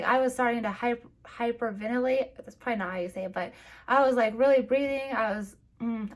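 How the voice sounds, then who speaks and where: A young woman vlogger, teary, telling a personal story in a halting way with many restarts. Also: a little high.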